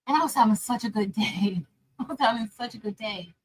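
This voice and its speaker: A woman chatting casually and telling a story straight to her viewers, animated, calling them y'all and girl. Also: on the high side, a little fast, slightly rough, poor audio. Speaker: crafting vlogger and teacher.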